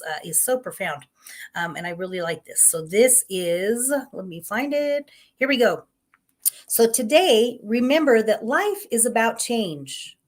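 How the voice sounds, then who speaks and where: A middle-aged woman with a mid-range voice hosts a live-streamed inspirational talk show. She sounds upbeat and conversational, offering gentle encouragement.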